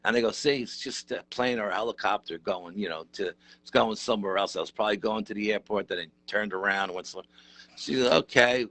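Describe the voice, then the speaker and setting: Low-voiced New man, bright and dry. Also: quick pace, dry recording. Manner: animated, conversational, rough-edged. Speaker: interview guest, paranormal researcher. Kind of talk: casual storytelling.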